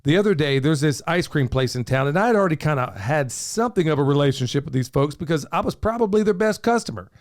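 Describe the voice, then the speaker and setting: A middle-aged man hosts a relaxed podcast chat. His voice sits a bit high for a man, and he keeps a folksy, upbeat tone, dropping "y'all" often. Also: fast talker, hardly any pauses. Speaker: podcast host.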